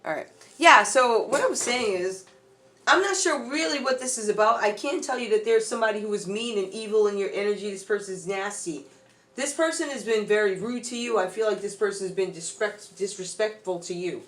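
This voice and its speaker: A woman's voice: medium pitch, a little fast, fairly bright tone. A woman doing a casual tarot reading, chatty and loose, talking straight to her viewers. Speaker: tarot reader.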